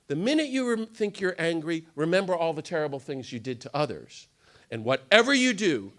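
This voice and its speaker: Excitable man lecturing with lively swoops. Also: high voice. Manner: fast, excitable, theatrical delivery. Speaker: speaker at a nonviolence day. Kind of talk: animated storytelling lecture. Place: indoor gathering room.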